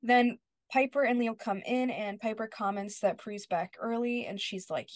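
On a podcast, a female co-host walks through a TV episode in a relaxed way, acting out scenes by quoting the characters. She speaks at a moderate pace with a fairly high pitch.

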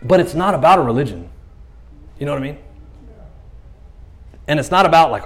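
A man's voice: on the high side, animated, brisk, pauses often, fairly bright tone. A man preaching a casual, conversational sermon, telling stories animatedly and acting out quoted lines in playful voices. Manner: conversational fillers like "you know what I mean". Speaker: pastor.

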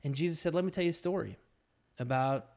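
A man's voice: a little high, quick pace, darkish tone. A man who is a pastor, talking casually on a podcast and sometimes joking around in silly accents. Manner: playful, slips into goofy put-on accents.

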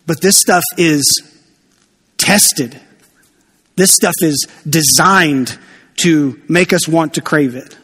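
A man preaching a sermon in a church, chatty and animated with jokey asides. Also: a little high, takes it slowly, pauses often, slightly rough, big-room sound. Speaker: pastor.

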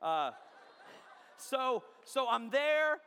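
High, bright-voiced pastor preaching. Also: male voice, very slow, clean tone, long reverb tail. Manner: animated, jokey, asks the crowd often. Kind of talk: sermon with storytelling. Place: large church hall.

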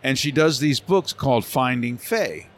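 A man who does voice acting talks in an unhurried, medium-pitched voice as a guest interviewed at a convention center. He's lively and animated in telling stories, frequently shifting into character voices.

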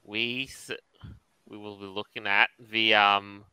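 A man co-hosting a podcast, setting up topics in measured casual chat. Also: fairly low pitch, flat delivery, pushed and bright, clear, resonant tone, no room sound, low-quality recording. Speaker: podcast co-host.

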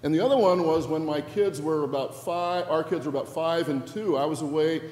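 Warm-voiced middle-aged pastor in echoing church. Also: male voice, on the high side, a little fast. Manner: reflective, personal storytelling. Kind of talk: sermon. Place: church sanctuary. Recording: echoey church hall with faint ambience.

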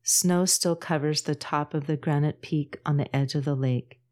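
A woman reading her own story aloud as podcast host, calm and measured. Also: deep voice. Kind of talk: storybook narration.

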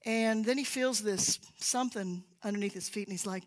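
Speaking at a moderate pace with hardly any pauses, a woman with a mid-range voice tells stories in a sermon-style church talk. Standing in the sanctuary, she occasionally lowers her voice to a whisper to stress a point.

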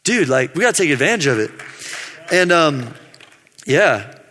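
A man's voice: a little high, very animated, unhurried, noisy background. A man preaching a casual sermon in a laid-back, slangy way, acting out the people in his story. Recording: long hall reverb.

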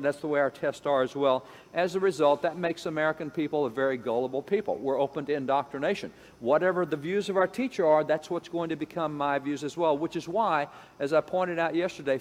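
Emphatic man lecturing in a reverberant hall. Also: a little high. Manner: emphatic, repetitive, acts out quoted voices. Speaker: speaker on education history. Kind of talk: lecture-style talk.

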